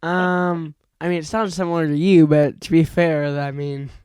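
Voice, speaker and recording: A man's voice: a little high, little pitch movement, normal speed, a little mellow, clear, resonant tone, dry recording, studio quality. A young man co-hosting a podcast, giving short, hesitant answers. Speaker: podcast co-host. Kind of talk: casual chat.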